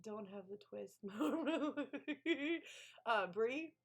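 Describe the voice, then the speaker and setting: A woman's voice: on the high side, animated, slow. Chatty woman gushing on a live stream. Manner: gushing, chatty, answers chat aloud. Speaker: author hosting a co-working stream. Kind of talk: casual live-stream chat.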